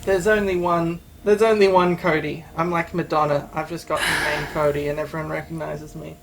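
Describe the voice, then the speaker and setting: Deadpan Australian woman podcast host. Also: sits low, a little fast, creaky, a little hiss or hum, rough recording. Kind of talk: casual podcast banter.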